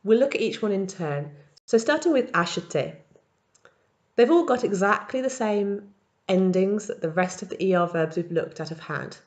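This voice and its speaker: A woman teaching in a recorded language tutorial, explaining verb patterns step by step and modelling each form slowly. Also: medium pitch, lively intonation. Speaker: French teacher.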